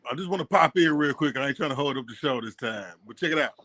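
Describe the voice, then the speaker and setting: A man's voice: mid-range voice, expressive, quick pace, sharp tone, no echo. A man calling into a livestream, asking questions in casual slang. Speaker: call-in guest.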